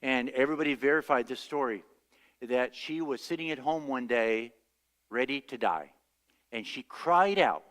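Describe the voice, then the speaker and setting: A man's voice: medium pitch, normal speed, a bit bright, big-room sound. A male pastor preaching a sermon, telling stories and acting out the voices he quotes. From United States. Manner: storytelling, acts out quoted voices. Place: church sanctuary.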